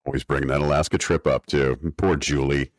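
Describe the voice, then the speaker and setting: A man's voice: very deep voice, steady tone, a little fast, no room sound. A man co-hosting a podcast, recapping an episode in casual chat with wry, mock-academic rants. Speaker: podcast co-host.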